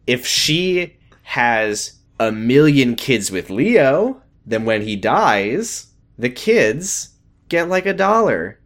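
A man chats casually on a podcast, recapping a TV show. His pitch swings widely and stays lively. He keeps jumping into character voices to act out the scenes he describes. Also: slow. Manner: animated, quotes characters in put-on voices. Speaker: podcast co-host.

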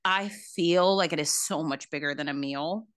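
A woman with a low but bright, forward voice, speaking in a reflective, heartfelt way as a podcast guest. She leans on plenty of "like" and "you know" as she talks. The sound is close and dry. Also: normal speed, no room sound. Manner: reflective and heartfelt, heavy on filler words. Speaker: new mother. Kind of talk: casual podcast conversation.

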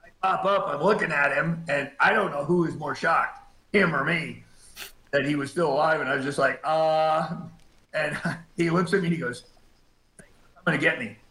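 A man's voice: on the high side, moderate pace, bright, forceful tone, echoey room, rough recording. A middle-aged man, a cave rescue diver, telling a story in a laid-back way and acting out the quotes. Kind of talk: storytelling in a casual interview.

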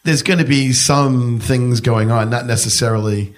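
A man's voice: mid-range voice, fairly even intonation, normal speed. A man hosting an interview, asking short questions and adding quips. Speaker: host.

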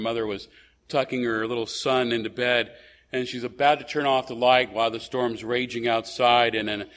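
A man's voice: mid-range voice, a bit bright. A man preaching a sermon as a pastor, talking conversationally with frequent hesitations, restarts and rhetorical questions.

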